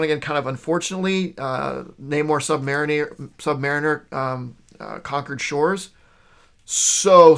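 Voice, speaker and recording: A man's voice: mid-range voice, gravelly, a bit bright. A man casually reviewing a stack of new comic books, rambling and enthusiastic, with lots of fillers and restarts. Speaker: comic shop video host.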